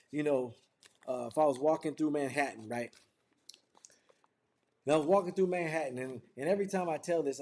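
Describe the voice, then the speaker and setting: A man's voice: a little high, darkish tone. A man leading a motivational sales training over a video call, talking in fervent, repetitive build-ups like a preacher. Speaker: business trainer.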